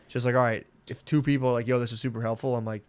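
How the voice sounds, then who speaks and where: A man co-hosting a podcast, rambling and swearing through animated casual chat. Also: medium pitch, very fast, smooth, no echo. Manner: rambling, profane, animated storytelling. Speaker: podcast co-host.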